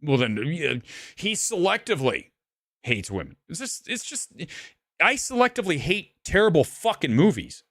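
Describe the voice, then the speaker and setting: A man's voice: a little high, big pitch swings, moderate pace, fairly bright tone, no echo, clean studio sound. A man ranting angrily as he reviews a film live, repetitive and heated, saying he is shaking with anger. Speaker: movie reviewer.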